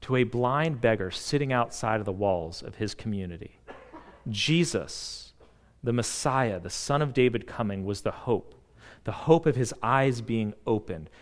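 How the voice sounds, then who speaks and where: In a large hall, a pastor preaches with an expressive, medium-pitched voice, earnestly rising to emphatic peaks and falling back to hushed, slow moments.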